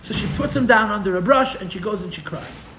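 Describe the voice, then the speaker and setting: A man teaching a live Torah class as a rabbi, telling the story with animated, sarcastic humor and mixing in Hebrew and Yiddish terms. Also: sits high, fairly quick, roomy sound, noisy background. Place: room for a live-streamed class.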